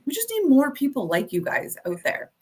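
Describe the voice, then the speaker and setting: A woman's voice: high-pitched, wildly swooping pitch, moderate pace, dark tone. A woman with a Canadian accent, hosting a talk show in a chatty, laughing way. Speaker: host. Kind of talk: casual chat.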